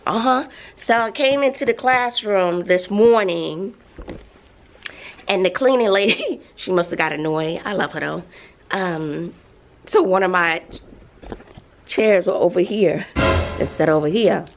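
A woman's voice: fairly low pitch, measured pace, long pauses, slight background noise. A woman teacher talking casually to the camera in a classroom, ranting expressively with frequent sighs and laughs. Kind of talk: casual vlog talk to camera.

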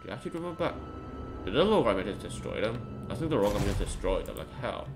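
Excitable man with gravelly, lively voice. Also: fairly low pitch, fast. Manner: excitable, swings from mumbling to frustrated yelling. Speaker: gameplay commentator. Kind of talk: casual gaming commentary. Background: game music.

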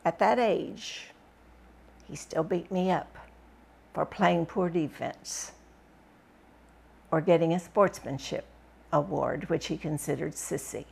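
A woman reading a first-person memoir aloud with expressive, dramatic storytelling. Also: fairly low pitch, slow pace, gravelly, pauses often, breathy edge. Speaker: book reviewer reading aloud.

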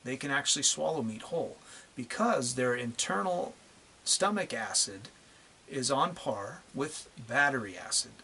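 A middle-aged man rants into the camera in a bright, forceful voice, swearing and dragging out key words to hammer his point home. A faint hiss sits under the recording. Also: mid-range voice, expressive. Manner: angry, profane, ranting; drawn-out emphatic phrasing. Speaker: channel host. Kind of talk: vlog rant to camera.

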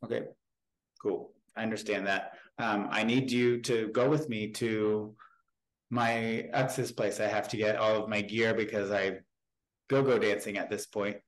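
Halting low-voiced man in his thirties. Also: fairly even intonation, poor audio. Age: 30s. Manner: halting, frank, with many restarts. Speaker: podcast guest. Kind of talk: personal storytelling in an interview.

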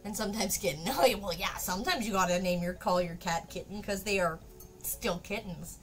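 A woman's voice: mid-range voice, a little fast, a bit bright. A woman chatting casually to her viewers during a live craft stream, laughing often and swearing now and then.

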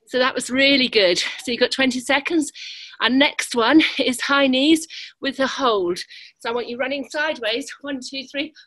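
A high-pitched woman coaching a live workout class over a video call. She counts reps and urges people on with lots of energy, sounding a little out of breath. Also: a bit bright, poor audio. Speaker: fitness coach.

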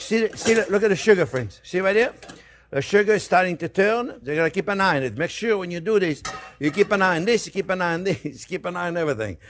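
A chef hosts a cooking demonstration in a kitchen, chatty and jokey, calling viewers his friends. His voice is high, with a little hiss or hum on the recording and a pan faintly sizzling in the background.

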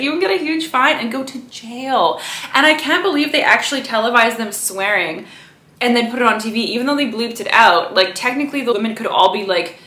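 A woman's voice: medium pitch, pushed and bright. Brief: young woman vlogger, casual and chatty, roomy echo. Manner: chatty, peppers speech with "right?" and "you know". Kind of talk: casual chat to camera.

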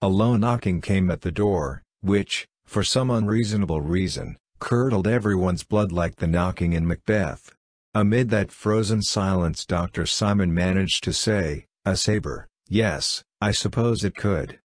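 A man reads a classic mystery aloud in a low, measured voice. The recording is dry and close, with no room sound, and he keeps an even, unhurried pace of telling. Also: no room sound. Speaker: audiobook reader. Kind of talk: scripted narration of a classic story.

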